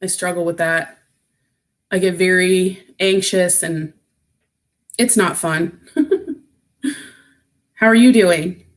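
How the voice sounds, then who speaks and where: A woman's voice: lowish voice, slow pace, long pauses. A woman chatting casually on a livestream, reading out and answering viewer comments, getting emotional and close to tears. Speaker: vlogger.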